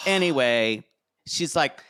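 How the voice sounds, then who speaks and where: Catty podcast co-host, animated. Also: male voice, mid-range voice, clear, resonant tone, dry recording, clean studio sound. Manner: catty, laughing, acts out quotes. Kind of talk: casual chat recapping reality TV.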